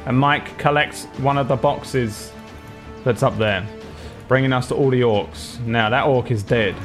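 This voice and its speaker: A man's voice: medium pitch, a little slow, music in the background. A young man narrating as game master in a tabletop game, rambling casually with lots of fillers and frequent laughs.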